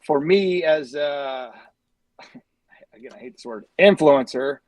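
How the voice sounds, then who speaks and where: A man's voice: on the high side, slow, darkish tone, no echo. A man speaking as a podcast guest in casual chat, rambling with plenty of fillers. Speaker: guest, brand ambassador. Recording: dry sound, a bit far from the mic.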